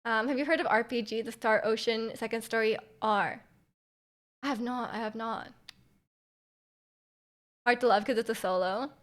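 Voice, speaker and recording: A woman's voice: on the high side, steady tone, normal speed, long pauses. A woman streamer chatting casually with viewers, full of fillers and giggles, her throat a little off. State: throat feels off.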